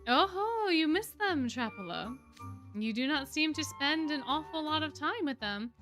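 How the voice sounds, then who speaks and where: A mischievous ancient fae with quaint, old-fashioned phrasing, sly and teasing, as a woman reads him aloud from a game. The voice sits high and bright, with a giggle never far away. Soft game music plays underneath. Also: lively intonation, normal speed. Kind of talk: reading game dialogue aloud.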